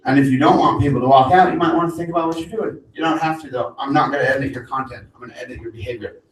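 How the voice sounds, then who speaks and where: A man's voice: mid-range voice, racing. A man hosting an open mic in a cafe, bluntly laying down the house rules to the audience. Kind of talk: stage announcements to a live audience. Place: cafe venue. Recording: echoey room, mic far off, faint noise.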